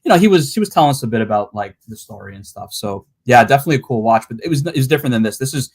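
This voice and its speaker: A man's voice: medium pitch, lively intonation, racing, breathy edge. A man hosting a casual livestream, chatty and swearing, with rambling asides. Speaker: livestream host.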